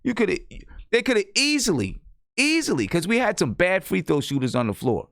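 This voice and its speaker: A man hosting a sports talk show, telling a coaching story in a casual, animated way and acting out quoted lines. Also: high-pitched, fast talker, creaky, dry recording, clean studio sound. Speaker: show host and girls' basketball coach. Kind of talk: casual chat.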